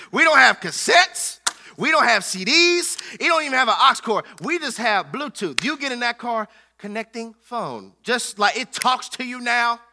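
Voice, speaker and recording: A man's voice: extremely high pitch, lively intonation, moderate pace, sharp tone. A man preaching a playful, joking sermon who calls out to his congregation. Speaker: pastor.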